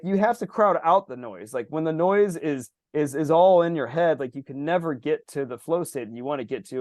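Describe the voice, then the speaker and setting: A man's voice: medium pitch, no room sound, studio quality. A man co-hosting a podcast, chatting casually, telling long rambling stories with swearing and acted-out quotes. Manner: rambling, profane, animated storytelling with acted-out quotes. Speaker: podcast co-host. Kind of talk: casual chat.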